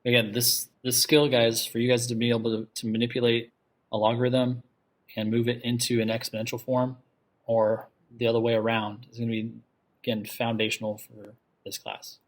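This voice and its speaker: Math teacher who keeps checking "okay?". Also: male voice, mid-range voice, completely flat delivery, normal speed. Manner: asks the class questions and repeats key ideas for emphasis. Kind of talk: classroom lecture.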